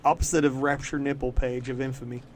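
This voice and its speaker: A man co-hosting a podcast, chatting casually about comics in a loose, profane way, full of "like" fillers and quick laughs. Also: mid-range voice, little pitch movement, a little hiss or hum. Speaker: podcast co-host. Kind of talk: casual comic-book chat.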